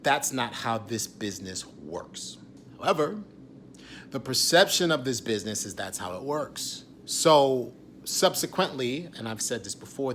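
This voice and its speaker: A man in his forties, an actor, talking candidly in a confessional vlog, raw and intense, often dropping to a hushed whisper and swearing freely. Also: mid-range voice, very animated, a little slow, slight background noise. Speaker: actor and writer.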